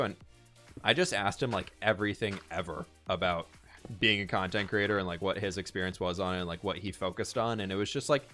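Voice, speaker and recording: Guy streaming a game, lowish voice, rambly chatty vibe, bit of music way in the back. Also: brisk, sharp tone. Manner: chatty, thinks aloud, answers chat. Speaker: live streamer. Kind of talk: casual live-stream chat while building in a game.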